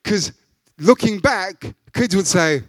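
A man preaching a sermon as pastor, emphatic, with loud rising peaks. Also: high-pitched, lively intonation, takes it slowly, no echo.

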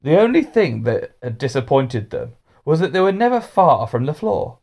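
Lively man reading a storybook. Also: fairly high pitch, normal speed, creaky.

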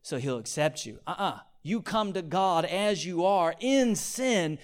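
A man preaching a sermon, asking his listeners for amens and swinging between hushed, near-whispered points and loud, pleading repetition. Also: sits high, expressive, measured pace. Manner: call-and-response, asking the audience for amens.

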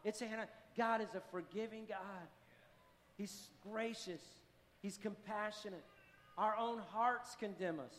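High-voiced man preaching in a reverberant hall. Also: fairly even intonation, moderate pace, a bit bright. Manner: impassioned, repetitive declarations. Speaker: pastor. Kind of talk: sermon. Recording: long hall reverb, faint music.

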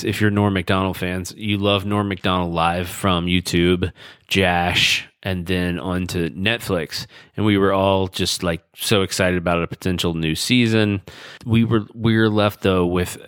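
A man hosting a podcast, telling stories in a rambling, relaxed way. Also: low-pitched, measured pace, clear, resonant tone, dry recording, clean studio sound. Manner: rambling, relaxed storytelling with fillers. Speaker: podcast host. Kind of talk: casual chat.

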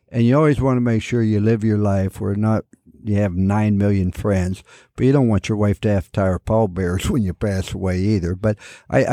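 Older man, guest coach, low voice, dry sound, animated storyteller. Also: dry recording. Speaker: retired football coach, guest. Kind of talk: radio interview storytelling.

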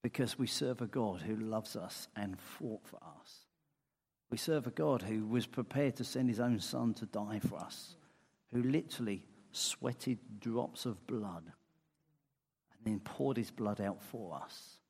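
Husky-voiced man preaching in a reverberant hall. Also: on the low side, a little slow. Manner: earnest, shifts between loud emphasis and soft tender asides. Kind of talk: sermon.

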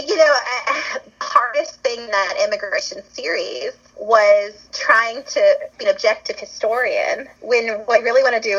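A woman talking as a guest on a podcast about storytelling, earnest and reflective, with quick laughs. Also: a little high, fairly bright tone, slightly rough, muffled recording. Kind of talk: casual conversation.

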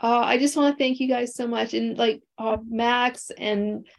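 A woman's voice: on the high side, fairly even intonation, a little slow, gravelly. A woman on an online call, a coaching client talking casually in rambling, grateful sentences full of fillers and restarts.

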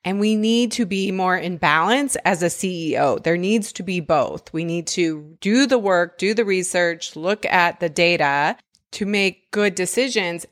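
A woman's voice: lowish voice, measured pace, dry recording, studio quality. A woman hosting a podcast as a business coach, talking in an upbeat, encouraging way with emphatic bursts. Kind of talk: casual conversational coaching chat.

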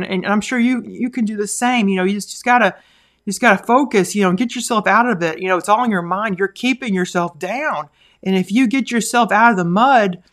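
A woman's voice: medium pitch, fairly bright tone. Rambling, earnest woman podcaster. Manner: rambling, full of "like" and "you know"; earnest, encouraging. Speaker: podcast host. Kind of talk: casual podcast monologue.

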